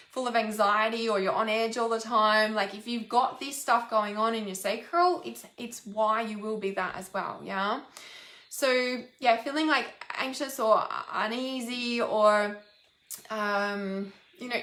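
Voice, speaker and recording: A woman's voice: a little high, a bit bright, roomy sound. A woman who works as an intuitive healer, talking earnestly and casually to her viewers and repeating words for emphasis. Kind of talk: casual live talk to viewers.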